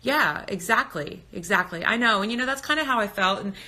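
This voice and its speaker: A woman's voice: medium pitch, animated, a little fast, pushed and bright. A woman in her thirties chatting casually and candidly on a phone live stream, answering viewers' comments. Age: 30s. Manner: candid, talkative, reads comments aloud. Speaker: birth educator on Instagram live.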